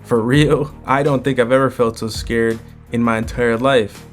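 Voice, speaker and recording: A man's voice: mid-range voice, steady tone, moderate pace, faint music behind, lightly acted. A man reading the lines of a flustered, earnest young woman who exclaims as she speaks, in nearly his own voice.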